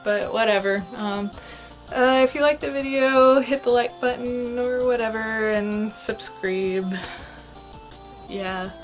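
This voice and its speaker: A young woman casually telling a storytime vlog, animated and giggly, acting out the quotes with big jumps in her voice. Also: a little high, slow pace, faint music behind. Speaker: vlogger.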